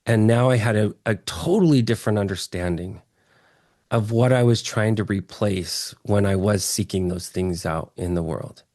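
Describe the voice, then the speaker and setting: A man from Texas telling his story as an interview guest, earnest and excitable, often restarting his phrases. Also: on the low side, normal speed, dry recording, clean studio sound. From Texas, USA.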